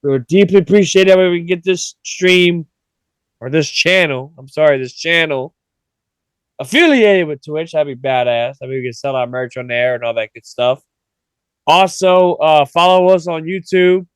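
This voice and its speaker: A man's voice: on the high side, moderate pace, smooth, dry recording. A man hosting a podcast in casual chat, sleepy and yawning, rambling in a laid-back way. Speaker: podcast host.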